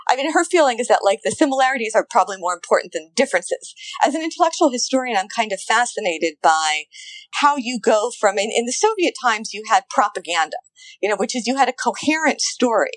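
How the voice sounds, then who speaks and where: A woman intellectual historian in a conversational interview, animated and quick, repeating words as she talks. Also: fairly high pitch, no echo, rough recording.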